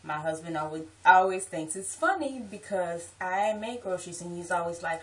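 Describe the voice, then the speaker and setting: A woman's voice: fairly low pitch, normal speed, few pauses, distant mic, rough recording. A woman with a New Orleans accent chatting casually in a vlog, explaining things with asides and restarts. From Southeast Louisiana. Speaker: vlogger.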